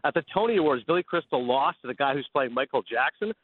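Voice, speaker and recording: Fast-talking man on a tinny phone line. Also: mid-range voice, slightly rough, no echo. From Canada. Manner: animated, fast storytelling with laughs. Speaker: sports radio guest. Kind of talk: casual radio chat.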